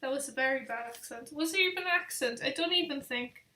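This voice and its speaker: A woman's voice: high voice, fast talker, bright, forceful tone. A young woman hosting a casual live travel quiz, chatty and rambling, with self-deprecating asides. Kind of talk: casual live-stream chat.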